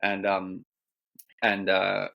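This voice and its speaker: A man's voice: sits low, monotone, drawn-out words, vocal fry, lo-fi sound. A man being interviewed as a coach, telling a personal story in a thoughtful, searching way with many restarts. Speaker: guest coach. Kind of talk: reflective storytelling in conversation.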